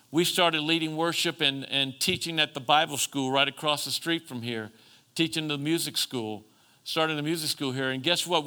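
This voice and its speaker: A man preaching a sermon as pastor, calling for amens and moving between emphatic and soft, earnest passages. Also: a little high. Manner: preachy call-and-response, rising to emphatic then softening.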